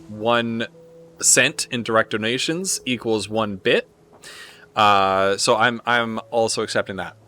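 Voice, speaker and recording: A man with a Canadian accent giving casual, rambling live commentary as he plays a strategy game, often pausing on filler words. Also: mid-range voice, sharp tone. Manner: rambling, thinking aloud with frequent filler pauses. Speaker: streamer.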